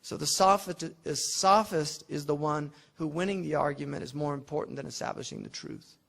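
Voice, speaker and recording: Male lecturer, somewhat high voice, gravelly texture, casual classroom explaining with plenty of restarts. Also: a little fast, fairly bright tone. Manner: conversational and digressive, with frequent restarts and fillers; explains with everyday examples. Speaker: teacher of classical logic.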